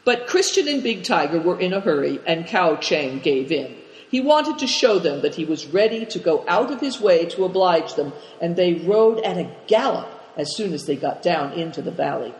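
A man narrating an audiobook in an even, measured way, in a roomy space with long reverb. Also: on the high side.

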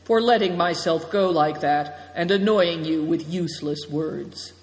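A storyteller puts on a proud, hot-tempered man of middle pitch who flares into loud outbursts. The sound carries a long reverb from an echoey room. An audiobook figure. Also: unhurried, natural voice. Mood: ashamed. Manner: shouting in outbursts, then glum. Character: proud older man, quick to anger.

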